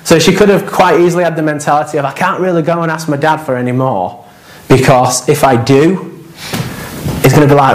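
A man's voice: fairly high pitch, steady tone, a little fast. A man preaching a sermon as pastor, in a conversational, anecdotal way with quoted asides.

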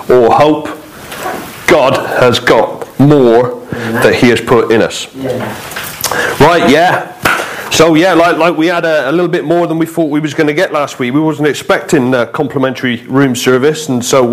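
A man's voice: on the high side, a little hiss or hum, poor audio. Chatty man preaching. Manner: chatty, joking asides, frequent fillers. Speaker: guest preacher. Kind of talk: informal sermon with humor. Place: church hall.

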